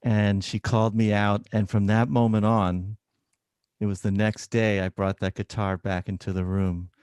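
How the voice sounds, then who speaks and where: Brief: low-voiced man, a doctor animatedly telling a story, dry recording. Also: normal speed, clear, resonant tone, dry recording. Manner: animated storyteller, acts out dialogue. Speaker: oncologist, guest. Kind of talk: personal storytelling in an interview.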